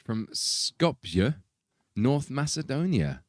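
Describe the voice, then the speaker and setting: A man's voice: medium pitch, sing-song, extremely slow, no echo, clean studio sound. A man hosting a stream, reading donations aloud in giggly casual chat. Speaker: band member hosting a stream.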